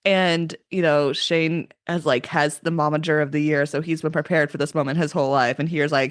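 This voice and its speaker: A woman's voice: deep voice, fairly even intonation, moderate pace, few pauses, no room sound. Woman, podcast co-host, casual recap, agreeable, dry close mic. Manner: chatty recaps, frequent agreeing "mm-hmm" and "yep". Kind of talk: casual chat.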